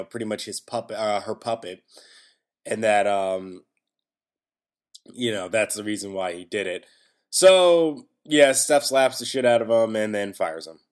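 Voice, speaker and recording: A man giving a casual solo recap of a wrestling show, rambling with restarts and self-corrections, wry and exasperated, with casual swearing. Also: medium pitch.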